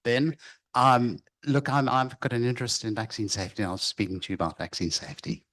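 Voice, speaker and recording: A man's voice: medium pitch, fairly even intonation, quick pace, a bit bright. A man from South Africa, a vaccine safety researcher, giving a casual, joking self-introduction to a course group.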